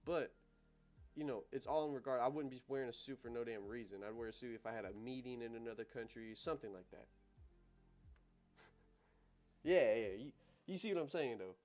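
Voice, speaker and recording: A man's voice: medium pitch, fairly quick, long pauses, a little mellow, soft background music. A young American man hosting a casual livestream, talking in loose slang, rambling through asides and laughing easily. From United States. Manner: slangy and loose, peppered with "bro" and "you know what I'm saying". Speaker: livestream host.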